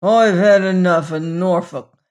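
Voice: medium pitch, measured pace, a little mellow, natural voice. A reader putting on a thick-voiced, sulky, half-drunk seaman. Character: surly half-drunk seaman, middle-aged man.

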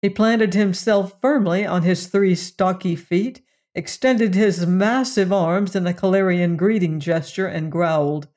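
An audiobook narrator giving a measured first-person reading of a story. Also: medium pitch, darkish tone.

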